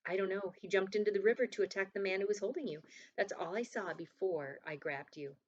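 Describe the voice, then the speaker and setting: A woman's voice: mid-range voice, brisk, close to an everyday voice. A woman voicing a stern young man who scolds a friend urgently while pulling her to safety. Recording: dull lo-fi recording.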